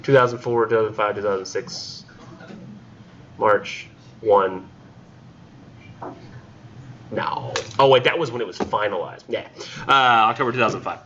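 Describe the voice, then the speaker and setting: A man's voice: on the low side, measured pace, pauses often, a bit bright, dull audio. A man teaching a class in a casual, rambling way with many fillers. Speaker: instructor.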